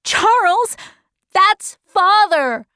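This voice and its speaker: A woman's voice: very high-pitched, animated, takes it slowly, a bit bright, no echo, clean studio sound, pitched above the performer's own voice, exaggerated voice. A woman voicing an anxious young girl pleading with urgency in an audiobook. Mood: urgent. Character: anxious, stubborn young girl desperate for her father.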